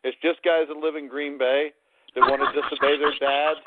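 A man's voice: a little high, level tone, moderate pace, very noisy. A man co-hosting a sports talk podcast, rambling and playing up mock self-pity as he banters with his friends. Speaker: podcast co-host. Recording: tinny phone-like dry line.

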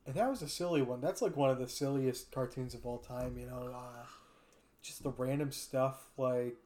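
A man of ordinary pitch hosts a relaxed podcast conversation. He retells favorite cartoon moments with lively storytelling and slips into quick character voices for every line. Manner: fond of doing impressions. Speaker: podcast host. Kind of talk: casual chat.

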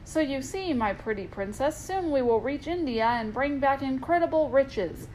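A woman's voice: high voice, animated, normal speed, darkish tone, slight background noise, voice pushed up, rough recording. A woman doing a grandiose boyish sea captain.

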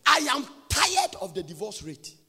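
A pastor in his forties preaching in a large church, swinging between sing-song phrases and sudden shouts. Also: high-pitched, wildly swooping pitch, moderate pace, vocal fry, breathy edge, faint music behind. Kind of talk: sermon. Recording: long church reverb.

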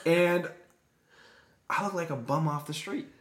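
A young man, a German native speaker, co-hosting a podcast and telling stories in a casual, animated way. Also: measured pace, reverberant. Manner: animated storyteller who acts out quotes with big pitch jumps. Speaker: podcast co-host. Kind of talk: casual storytelling chat.

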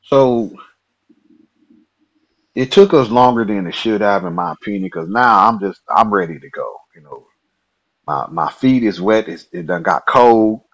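A man guest telling a personal story in a lively, colloquial way. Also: on the low side, unhurried, vocal fry, long pauses, muffled recording.

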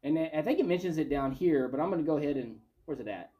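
A man teaching a Bible study, reading scripture aloud and then stopping to comment on it. His delivery is conversational and unhurried, more like a chat with the group than a formal sermon. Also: a little high, animated, dull audio.

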